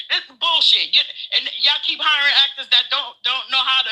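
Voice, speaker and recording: A man's voice: extremely high pitch, moderate pace, hardly any pauses, sharp tone, rough recording. A man co-hosting a casual political chat, profane and heated, laughing as he rants. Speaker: co-host.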